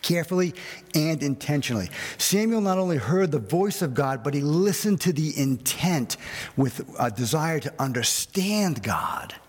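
A man preaching a sermon as pastor, animated and conversational, with personal asides. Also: fairly high pitch, normal speed, in a large hall.

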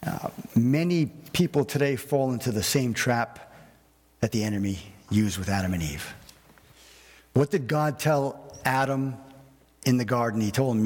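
A man preaching a sermon as pastor, animated and conversational, with personal asides. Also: mid-range voice, normal speed, husky, long reverb tail.

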